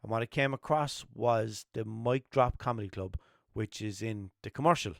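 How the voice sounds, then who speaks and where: A young man with a Limerick Irish accent hosting a solo podcast, rambling and swearing through jokey stories and putting on high voices for the people in them. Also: normal speed, creaky, dry recording, clean studio sound. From Ireland. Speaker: podcast host. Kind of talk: casual solo podcast chat.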